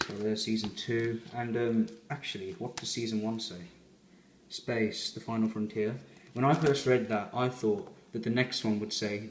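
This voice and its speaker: A man's voice: on the low side, fairly even intonation, normal speed, roomy sound, slight background noise. A man giving a rambling, chatty fan review as he unboxes a collector's set.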